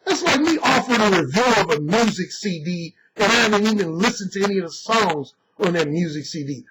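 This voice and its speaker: A man's voice: high-pitched, expressive, fairly quick, very noisy. A man, an author and dating coach, delivering a blunt, emphatic and boastful monologue that is full of profanity. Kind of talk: opinionated monologue.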